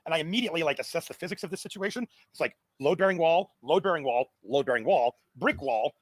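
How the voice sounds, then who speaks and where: A man's voice: on the high side, animated, quick pace, no echo. A middle-aged man telling a long story in a casual, rambling way, with restarts and laughs at his own tale. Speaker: guest.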